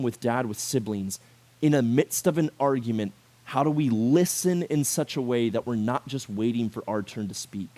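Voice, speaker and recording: A man preaching a casual youth sermon to high schoolers, animated and conversational, full of rhetorical questions and filler words. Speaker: youth pastor.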